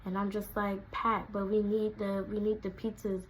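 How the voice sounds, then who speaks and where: A young woman, telling a casual storytime, animated and acting out quotes in a raised voice. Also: mid-range voice, moderate pace, slight background noise, poor audio. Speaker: vlogger.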